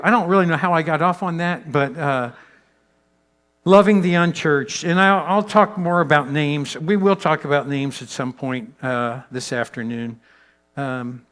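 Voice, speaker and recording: A man giving a leadership talk to pastors as a guest speaker. He tells stories with lively swings in pitch and loudness, and drops to a soft, slow voice for emphasis.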